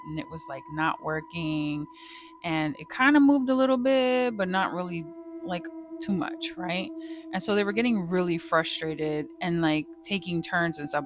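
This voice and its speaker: Woman, lower voice, casual ghost-story vlog, swears a lot, dramatic, noisy background. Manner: swears freely, lively, dramatic. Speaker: vlogger telling a ghost story.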